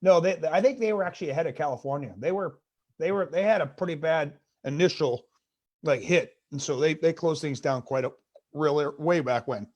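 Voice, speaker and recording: High-voiced man firing off one-liners. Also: a little mellow, muffled recording. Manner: rapid one-liners, pleading with the audience after jokes. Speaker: stand-up comedian guest. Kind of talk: stand-up set over video call. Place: bedroom.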